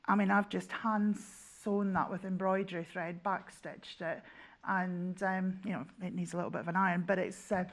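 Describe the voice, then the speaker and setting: A woman's voice: lowish voice, flat delivery, normal speed. Reassuring woman demonstrating sewing. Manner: reassuring, explains steps patiently. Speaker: sewing guest expert. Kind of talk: demonstration explaining. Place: TV studio.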